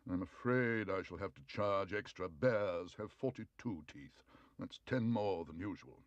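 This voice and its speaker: A man doing a stiff formal dentist, slow and pompous, slightly lower, husky. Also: dry recording, highs cut off. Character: fussy older male dentist, stiff and formal.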